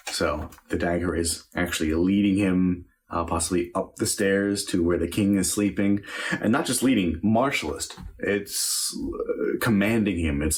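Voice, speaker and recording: A man acting teacher explaining Shakespeare verse line by line, thinking aloud with fillers. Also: sits low.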